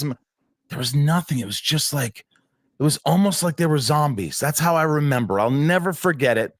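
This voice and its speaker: A man's voice: medium pitch, expressive, brisk, no echo, clean studio sound. A man telling a personal story in an interview, rambling and restarting often as he acts out what people said.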